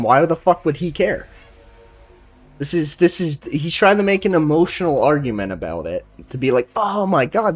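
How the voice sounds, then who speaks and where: A man's voice: a little high, husky. A man from Canada giving blunt, swear-heavy reaction commentary, ranting casually. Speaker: reaction streamer.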